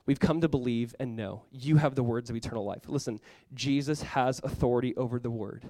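A man's voice: mid-range voice, a little fast, mellow, no room sound. A man preaching a sermon as pastor, earnest and conversational, often acting out what people say.

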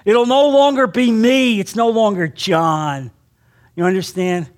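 A man's voice: high-pitched, unhurried. A middle-aged man preaching a sermon to a men's group, earnest and repetitive, often checking in with his listeners. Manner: earnest, repeats phrases, asks "you understand?". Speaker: Bible teacher.

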